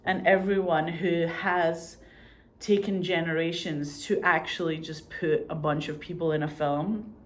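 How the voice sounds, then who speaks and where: A woman's voice: lowish voice, fairly even intonation, measured pace. A woman in casual chat who swears freely and acts out the lines she quotes. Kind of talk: casual chat about TV shows.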